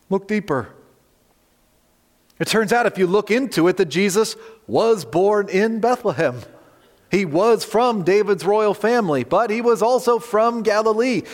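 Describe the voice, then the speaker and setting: Male pastor, slightly high voice, earnest sermon delivery with emphatic repetition, long church reverb. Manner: earnest, direct appeals to listeners with emphatic repetition.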